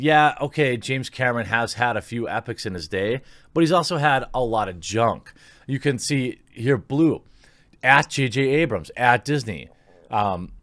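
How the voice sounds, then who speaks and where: A man's voice: mid-range voice, dry recording. A man giving opinionated commentary, sarcastic and indignant, reading posts aloud and reacting to them.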